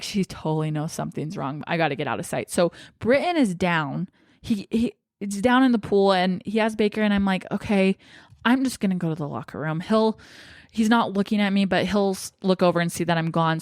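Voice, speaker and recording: A woman's voice: medium pitch, dry recording, studio quality. A young woman vlogger telling a personal story in a casual, emotional way, shaky and tearful at times.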